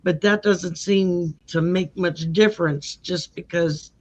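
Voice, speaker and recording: A woman guest on a casual livestream chat who speaks in a thoughtful, measured way with many fillers, heard over a video call. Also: on the low side, steady tone, a little mellow. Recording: dull lo-fi call audio.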